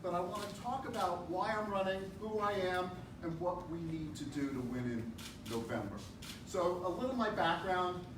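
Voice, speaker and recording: Local candidate, earnest self-introduction; high voice, roomy and distant. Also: male voice, normal speed. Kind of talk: campaign speech. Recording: echoey room, distant mic, noisy.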